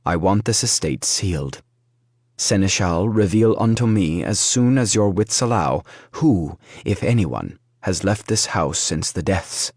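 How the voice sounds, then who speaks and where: Male narrator as an icy, imperious war wizard; low, dry, clipped. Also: animated, measured pace, darkish tone, dry recording. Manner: icy, curt. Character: stern haughty male war wizard lord.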